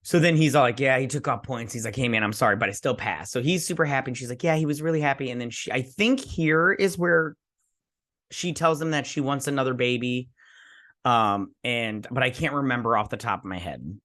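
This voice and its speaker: A man's voice: mid-range voice, a bit bright. A man hosting a casual TV episode recap, rambling and acting out the characters' lines as he retells them. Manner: rambling, acts out dialogue with "she's like". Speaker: host.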